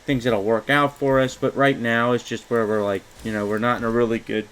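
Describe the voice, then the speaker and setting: A man's voice: medium pitch, little pitch movement, a little fast, fairly bright tone, slight background noise, rough recording. Rambling young man narrating gameplay. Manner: rambling, filler-heavy, mildly frustrated. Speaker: gaming YouTuber. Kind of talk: casual gameplay commentary.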